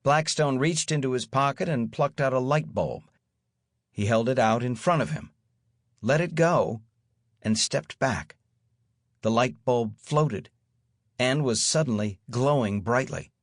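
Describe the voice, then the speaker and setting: A man's voice: mid-range voice, unhurried, pauses often, no echo. A man narrating an audiobook in the first person, with wry, dry storytelling.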